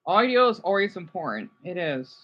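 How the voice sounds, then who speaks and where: A man chatting casually on a live stream, reacting to viewer comments in a rambling, animated way. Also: high voice, moderate pace, muffled recording. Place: home room, keeping voice down.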